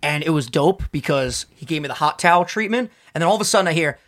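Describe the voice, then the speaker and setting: Young male podcast co-host, animated and profane, lively pitch. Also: fast talker, slight background noise. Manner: animated, profane storyteller who laughs a lot. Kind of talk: casual podcast banter.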